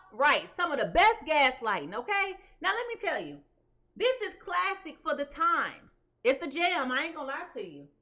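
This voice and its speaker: A woman tarot reader talking in an animated, emphatic, chatty way, checking in with listeners as she goes. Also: sits high. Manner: animated and emphatic, keeps asking listeners "okay?"; chatty and colloquial, addresses viewers as "y'all". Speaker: tarot reader and channel host. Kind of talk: casual commentary before a tarot reading.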